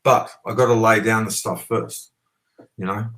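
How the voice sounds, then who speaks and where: An Australian man, appearing as an interview guest, tells a rambling story with animation and plenty of swearing. His voice is lowish and a bit bright, with fairly even intonation at a normal speed. The recording is low quality.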